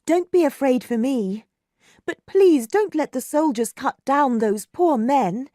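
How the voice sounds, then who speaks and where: A woman voicing a brave, passionate young woman with a high, urgent, pleading voice. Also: lively intonation, takes it slowly, warm tone, no room sound, clean studio sound.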